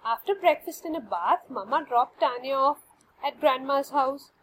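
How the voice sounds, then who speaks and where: Animated woman reading a children's story. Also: sits high, normal speed, slight background noise, low-quality recording. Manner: expressive, animated read-aloud.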